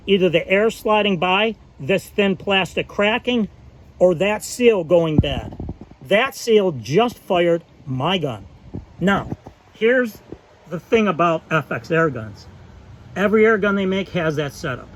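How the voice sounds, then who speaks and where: Heated, high-voiced man ranting. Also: lively intonation, takes it slowly, slight background noise, low-quality recording. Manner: angry, aggravated, emphatic. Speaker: airgun channel host. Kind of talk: heated product rant to camera.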